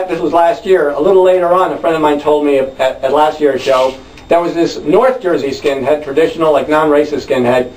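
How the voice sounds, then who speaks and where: A man with a high, light voice tells a long, wry story on a club stage. He rambles and bursts into shouted chants. The echoey room is picked up from a distance. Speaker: spoken word performer. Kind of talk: live storytelling monologue.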